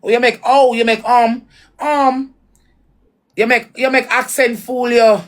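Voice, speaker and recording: A woman's voice: fairly high pitch, fairly even intonation, unhurried. A woman with a Jamaican accent giving blunt, repetitive commentary in patois on a reaction vlog.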